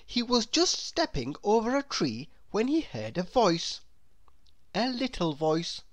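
A woman reading a children's picture book aloud in a slow, expressive, sing-song storytelling voice. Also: mid-range voice, no room sound. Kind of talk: children's read-aloud narration.

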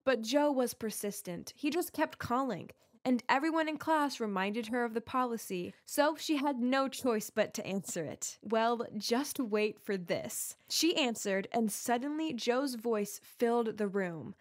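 A woman giving scripted first-person narration of an animated story in a confiding tone. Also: on the high side, a little slow, hardly any pauses.

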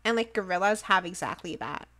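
A woman's voice: on the low side, expressive, fairly quick, sharp tone. A woman streaming a game live, chatting casually and giggling often, with lots of "like" fillers. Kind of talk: casual livestream chat while playing a game.

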